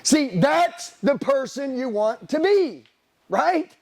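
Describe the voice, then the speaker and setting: A man's voice: extremely high pitch, sing-song, slow, darkish tone. A middle-aged man giving a blunt, profane motivational sales seminar talk, firing rhetorical questions at the room. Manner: profane, blunt, hard-driving. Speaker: sales trainer.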